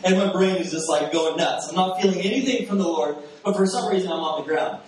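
A man preaching in a casual, animated way, often breaking into laughter and acting out his own astonished reactions. His fairly high voice rings through a very echoey church. He sounds a bit distant from the microphone, with a faint hiss behind him. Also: fast talker, hardly any pauses. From Texas. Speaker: pastor. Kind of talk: sermon storytelling. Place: church sanctuary.

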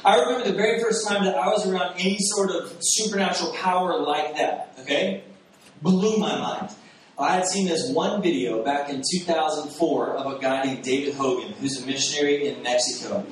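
A man preaching in a casual, animated way, often breaking into laughter and acting out his own astonished reactions. His fairly high voice rings through a very echoey church. He sounds a bit distant from the microphone, with a faint hiss behind him. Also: moderate pace. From Texas. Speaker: pastor. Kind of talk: sermon storytelling. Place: church sanctuary.

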